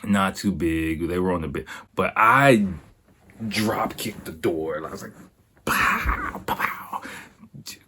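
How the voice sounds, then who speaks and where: A man's voice: deep voice, unhurried, a little hiss or hum. A young man hosting a podcast, telling a story casually with frequent laughter and acted-out voices. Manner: laughs often, animated, acts out voices. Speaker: podcast host.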